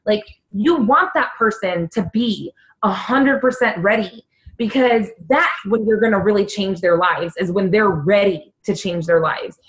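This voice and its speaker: A young adult woman coaching her team on a call, earnest and animated, with quick bursts and lots of "like". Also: mid-range voice, poor audio. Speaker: fitness coach.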